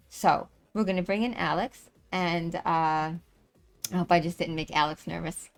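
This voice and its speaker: A woman's voice: fairly low pitch, moderate pace, faint music behind. Chatty woman hosting a live stream. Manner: rambling, many fillers and restarts. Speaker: livestream host and tour organizer. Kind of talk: casual live-stream chat.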